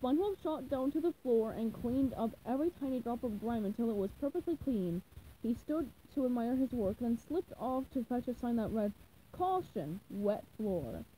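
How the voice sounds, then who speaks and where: Woman reading a kids book aloud, higher voice, bouncy pitch, soft mellow tone. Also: normal speed, a little hiss or hum, low-quality recording. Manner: lively, expressive. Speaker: reader. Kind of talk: storybook reading.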